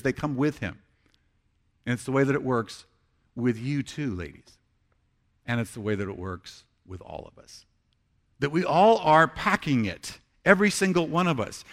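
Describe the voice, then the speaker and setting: A man's voice: high voice, fairly bright tone. A man preaching a sermon as pastor, conversational and earnest, acting out heartfelt prayers.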